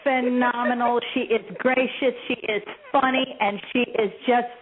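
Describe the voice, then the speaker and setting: Gushing lady radio host, kinda high voice, tinny phone sound. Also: fairly even intonation, moderate pace, slight background noise. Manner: effusive, gushing introductions.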